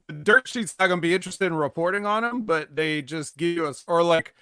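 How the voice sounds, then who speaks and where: A man's voice: fairly high pitch, fast, pushed and bright, clear, resonant tone, dry recording, studio quality. A man co-hosting a wrestling podcast, rambling storyteller who drifts between thoughts. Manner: rambling, many "like" fillers and restarts. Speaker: podcast co-host. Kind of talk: casual wrestling podcast chat.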